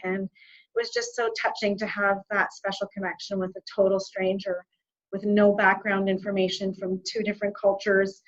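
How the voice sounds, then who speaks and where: A woman from Canada, an interview guest, telling a personal story in a heartfelt, reflective way, pausing and restarting as she goes. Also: medium pitch, lo-fi sound.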